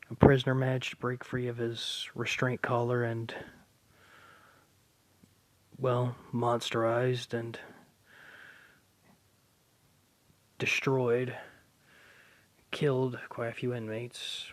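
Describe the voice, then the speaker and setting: A hoarse man with a sore throat voicing a calm, firm adult man who speaks steadily and softly in a husky voice. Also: medium pitch, slow pace, pauses often, lightly acted. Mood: grave. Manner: steady, soothing, often hushed.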